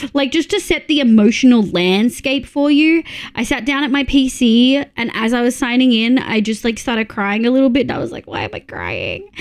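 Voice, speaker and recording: A woman's voice: on the high side, a little mellow. An Australian woman chatting on a live stream, giggly and talkative as she reads her chat aloud.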